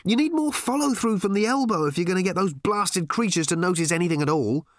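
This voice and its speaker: A man's voice: lively intonation, fast talker, dry recording, studio quality. A man doing a jumpy, suspicious alien traveller. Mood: exasperated. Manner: high, hissing and suspicious. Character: wary excitable male alien hitchhiker.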